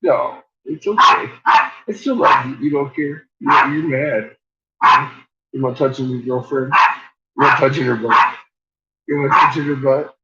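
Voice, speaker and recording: A man's voice: medium pitch, unhurried, pauses often. A man at home chatting casually and swearing a lot, laughing often and talking to his barking dogs. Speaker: vlogger. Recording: dull lo-fi home recording, faint noise.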